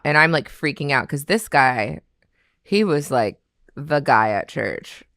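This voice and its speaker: A woman from Canada talks as a podcast guest, with a low, smooth and resonant voice. She tells lively stories, laughs often and acts out the voices of people she quotes. The sound is close and dry. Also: measured pace, dry recording. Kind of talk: casual chat.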